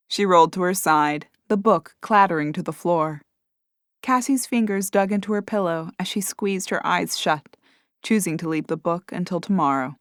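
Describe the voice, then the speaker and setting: A woman narrating an audiobook in a measured, expressive way. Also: on the low side, dry recording, clean studio sound. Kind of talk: scripted narration.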